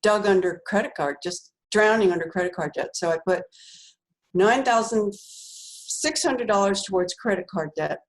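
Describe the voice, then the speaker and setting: A woman's voice: mid-range voice, normal speed, low-quality recording. An older woman, a guest author, telling a story in a chatty way, laughing often and using many fillers. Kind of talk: animated storytelling.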